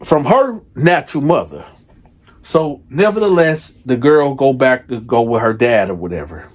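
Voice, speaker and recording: A man's voice: medium pitch, lively intonation, moderate pace. A man telling a story in a casual, conversational way, full of "or whatever" asides.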